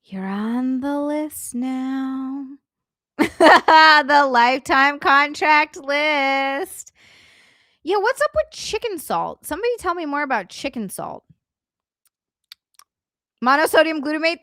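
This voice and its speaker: A high, bright-voiced woman chatting away on her livestream, bubbly and giggly as she thanks her viewers over and over. Her voice sits close and dry on a desk mic with no room sound around it. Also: expressive, unhurried, no echo. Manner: bubbly and effusive, giggly, chatty asides while navigating settings. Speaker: livestream host.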